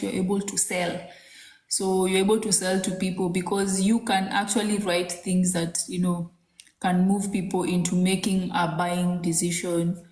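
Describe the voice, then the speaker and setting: A woman in her thirties from Kenya talks through parenting in a loose, chatty way, full of "um" and "like". Her voice sits at a middle pitch. The room around her sounds echoey. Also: darkish tone. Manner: chatty, rambling, many fillers. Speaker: podcast co-host. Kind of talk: casual chat.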